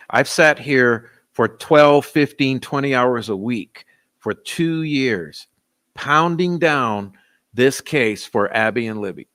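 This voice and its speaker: A man's voice: mid-range voice, animated, takes it slowly, a bit bright, dry recording. Conversational male host, dry sound. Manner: conversational, talks to his chat. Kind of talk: casual chat.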